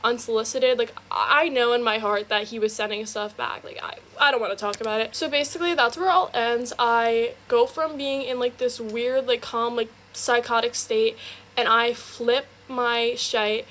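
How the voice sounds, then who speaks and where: A woman's voice: on the high side, steady tone, fairly bright tone, slight background noise. A young woman telling a personal story in a casual, chatty way, filling her speech with "like", recorded on a phone. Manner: chatty, fast, heavy use of "like".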